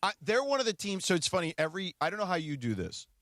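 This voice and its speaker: A man's voice: high voice, very animated, fast talker, fairly bright tone, dry recording. A man hosting a sports radio show, chatting casually and often restarting his sentences in a studio.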